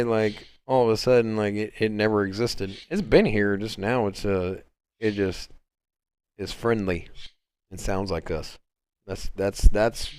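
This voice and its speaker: Casual male stream host, rambling delivery, smooth and dry close sound. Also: medium pitch, no room sound. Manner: rambling, laid-back, many fillers and restarts. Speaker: crypto livestream host. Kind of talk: casual livestream chat. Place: home, on a Sunday livestream.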